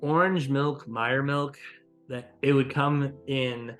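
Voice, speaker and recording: A man's voice: mid-range voice, takes it slowly, faint music behind. A man hosting a podcast, telling a long story in casual chat, swearing often and rambling with restarts. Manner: profane, rambling, animated storyteller. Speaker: podcast host.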